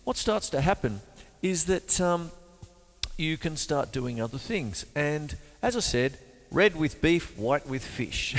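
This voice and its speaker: A man's voice: a little high, big pitch swings, takes it slowly, big-room sound. A man teaching drums in a chatty, jokey way, counting beats aloud while he plays. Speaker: drum teacher. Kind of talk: drum lesson with counting aloud. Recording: loud drum kit playing over the voice. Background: drum kit.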